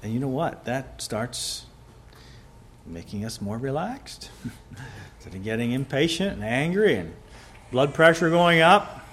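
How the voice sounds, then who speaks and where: A man preaching a sermon, rising to loud emphatic peaks and dropping to quiet, soft passages. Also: medium pitch, animated, unhurried, a little hiss or hum.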